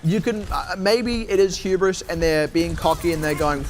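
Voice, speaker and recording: A man casting a live esports match, playful and teasing, quick to argue a point. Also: sits high, fairly even intonation. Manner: playful, teasing, argumentative banter. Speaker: esports caster.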